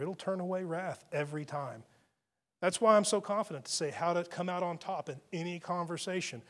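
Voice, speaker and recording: Male pastor, chatty sermon delivery, voice a touch on the higher side, restarts phrases often. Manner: conversational storytelling, frequent restarts.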